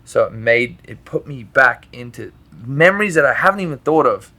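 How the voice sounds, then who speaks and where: Bright-voiced man telling a story. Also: medium pitch, moderate pace. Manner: animated, swearing, laughs often, fillers like "like". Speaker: podcast guest. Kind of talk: casual storytelling chat.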